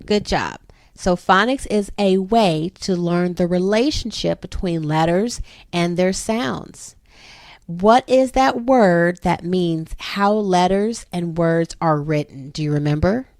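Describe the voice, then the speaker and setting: A woman's voice: lowish voice, slow pace, a little mellow, no room sound, studio quality. A woman in her thirties, a homeschooling mother, patiently explaining a phonics lesson to her children step by step.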